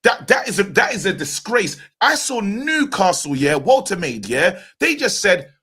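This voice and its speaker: A man's voice: high voice, big pitch swings, normal speed, bright, forceful tone, breathy edge. A man ranting with passion as a football pundit in a heated casual panel debate.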